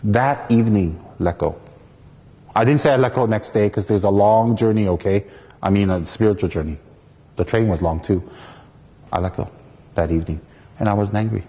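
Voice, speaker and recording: A man from the United States, a Buddhist teacher, giving a dharma talk through a lively personal story in which he acts out the people in it. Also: lowish voice, normal speed, pauses often, long reverb tail.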